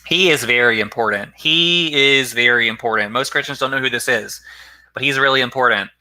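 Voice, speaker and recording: A man's voice: mid-range voice, fairly quick, pushed and bright. A man hosting his own channel, giving a casual, rambling talk on early church history, often correcting himself mid-sentence and greeting viewers in a live chat. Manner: rambling, self-correcting, conversational. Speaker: philosophy channel host.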